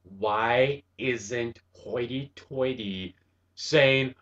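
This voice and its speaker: A man from Wisconsin hosting a casual cartoon review chat, excitable and gushing, often breaking into laughter. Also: mid-range voice, measured pace, highs cut off. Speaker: show host reviewing a cartoon episode.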